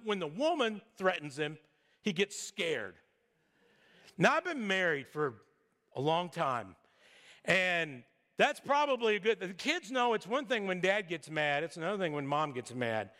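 A middle-aged pastor preaches a sermon in a casual, storytelling style, adding jokes and asides. His voice sits high, bright and forceful, and the recording carries a long hall reverb.

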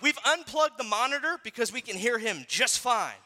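A man in his thirties, a pastor giving a sermon in a conversational, animated storytelling way, acting out voices. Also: extremely high pitch, moderate pace, big-room sound.

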